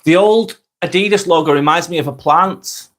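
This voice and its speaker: A man's voice: on the high side, moderate pace, fairly bright tone. An English man, middle-aged, hosting a live vlog, chatting casually with viewers, rambling and repeating himself and swearing freely. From England. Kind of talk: casual live-stream chat.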